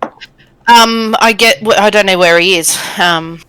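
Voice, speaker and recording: A woman's voice: medium pitch, slow pace, fairly bright tone, a little hiss or hum, rough recording. A woman playing a tabletop game, thinking aloud with ums and explaining rules to the table. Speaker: player.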